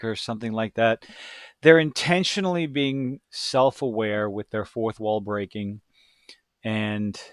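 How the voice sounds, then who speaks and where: Male reviewer, blunt and rambling, mid-pitch, dry close sound. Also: dry recording. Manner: blunt, rambling, self-deprecating. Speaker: show reviewer. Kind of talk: casual review commentary.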